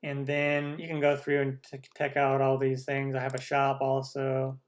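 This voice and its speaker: A man's voice: mid-range voice, completely flat delivery, normal speed. A man hosting a cooking channel live stream, chatting casually with viewers, rambling and humming while he scrolls.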